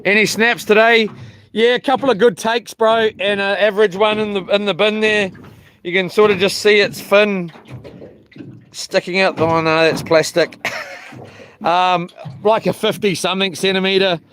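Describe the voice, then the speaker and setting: A man's voice: high-pitched, fairly even intonation, normal speed, fairly bright tone, a little hiss or hum. A man, rambling and joking to his live chat from a small boat while fishing, with lots of ums. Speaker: fishing livestreamer.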